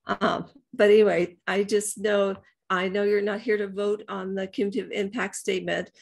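An older woman reads a prepared public comment to a hearing over a video call. Her mid-pitched voice has a gravelly fry, and she stumbles now and then. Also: level tone, moderate pace. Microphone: video call mic.

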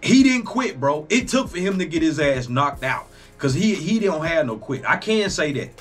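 Excitable man reacting with lots of swearing. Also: on the high side, normal speed, faint music behind. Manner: excitable, profane, exclaiming often. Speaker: reaction video host. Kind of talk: casual reaction commentary.

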